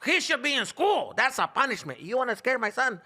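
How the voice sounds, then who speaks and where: A man voicing his stern, scolding father in a loud, mocking voice. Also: extremely high pitch, very animated, brisk, pitched above the performer's own voice, full character voice. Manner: shouting, mocking strictness.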